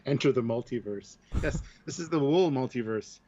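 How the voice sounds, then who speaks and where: A man's voice: mid-range voice, expressive, moderate pace, dark tone, highs cut off, a little hiss or hum. A drunk English man co-hosting a livestream, laughing and jumping between silly put-on accents. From England. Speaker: co-host.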